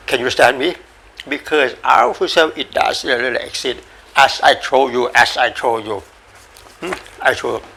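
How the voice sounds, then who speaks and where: Gravelly, bright-voiced man giving a dharma talk. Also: fairly high pitch. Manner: repetitive, halting, coughs and says sorry, playful animal sounds. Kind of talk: informal spoken dharma talk.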